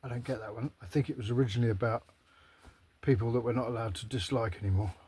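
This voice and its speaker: A man's voice: medium pitch, fairly even intonation, fast talker, a little mellow, breathy edge. A man rambling to camera in a casual, sweary, self-mocking monologue. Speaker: vlogger.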